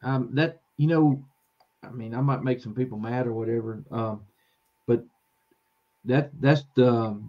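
Soft-spoken man on a dull line. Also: medium pitch, unhurried, pauses often. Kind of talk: casual chat.

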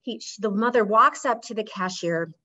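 A woman's voice: medium pitch, moderate pace, pushed and bright. A woman executive and interview guest, speaking earnestly and loosely in a conversational storytelling way, with many fillers and restarts over a video call.

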